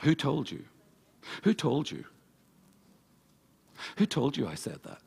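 A man's voice: mid-range voice, wildly swooping pitch, slow, gravelly, a little mellow, slightly rough. A man preaching a sermon as pastor at a church service, emphatic and full of repeated phrases. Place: church service before a congregation.

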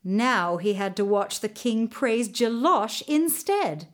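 Slow, expressive woman reading a fairy tale. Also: on the high side. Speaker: storyteller. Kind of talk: storybook narration.

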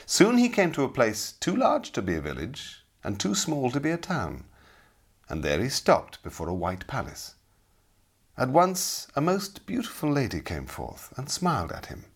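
A middle-aged man narrating a storybook in an expressive, dramatic way. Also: mid-range voice, moderate pace, husky. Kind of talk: audiobook storytelling.

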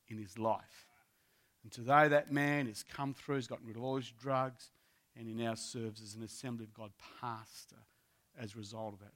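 A man's voice: medium pitch, a bit bright. A man preaching a sermon as a pastor, telling a story vividly and addressing his listeners as friends, repeating key phrases for emphasis.

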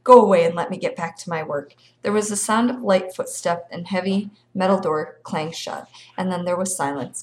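Woman reading a chapter book aloud, steady storytelling, mid pitch. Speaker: reader. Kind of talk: reading a children's novel aloud.

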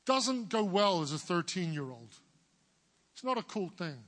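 A man in his forties from England with a big booming voice, preaching an earnest sermon as pastor. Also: big pitch swings, moderate pace, a bit bright, in a large hall. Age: 40s. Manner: earnest, building to emphatic declarations.

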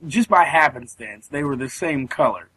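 A man's voice: mid-range voice, animated, moderate pace, sharp tone, husky, no room sound, poor audio. A young man in his twenties co-hosting a casual podcast over a remote call, telling a story with lots of swearing and mimicking other people's voices. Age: 20s. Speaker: podcast co-host.

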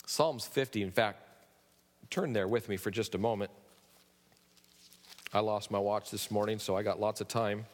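A man's voice: on the low side, fairly even intonation, normal speed, pauses often, slight background noise. A man preaching a sermon to his congregation, building to emphatic peaks and turning to them with asides. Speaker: pastor. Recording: long reverb of a large hall.

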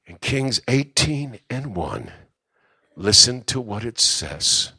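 A middle-aged man preaching a sermon in a church, moving from quiet asides to shouting and joking with the congregation. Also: lowish voice, lively intonation, takes it slowly, slightly rough, no room sound, clean studio sound. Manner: jokes with the congregation. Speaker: pastor. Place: church sanctuary.

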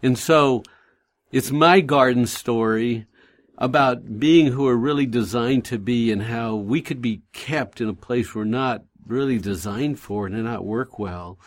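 A man's voice: medium pitch, unhurried. Man storytelling on faith radio. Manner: gentle pastoral storytelling. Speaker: radio show host. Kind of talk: Christian radio talk.

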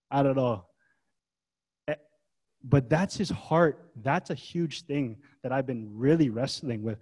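A man's voice: a little high, animated, a little slow, darkish tone, breathy edge. A man preaching a sermon as pastor, in a casual, conversational way full of rhetorical questions. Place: church gathering.

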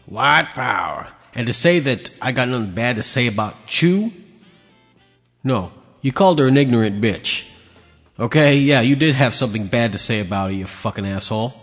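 A man's voice: mid-range voice, lively intonation, moderate pace, faint music behind. A man hosting a podcast, ranting angrily and crudely as he comments on video clips. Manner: angry, profane, mocking. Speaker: podcast host. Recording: long hall reverb.

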